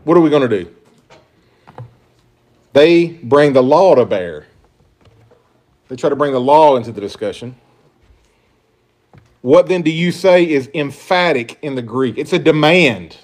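A male pastor delivering a sermon with emphatic, questioning delivery. His voice sits a little higher than most men's, and he swings between louder stresses and quieter asides. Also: lively intonation, unhurried, pauses often. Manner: emphatic, rhetorical questions, shifting pitch and volume.

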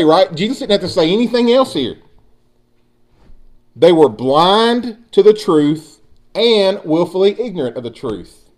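A man's voice: high voice, very animated, unhurried, a little mellow. A man preaching a sermon, building emphasis and speaking directly to his congregation. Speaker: pastor.

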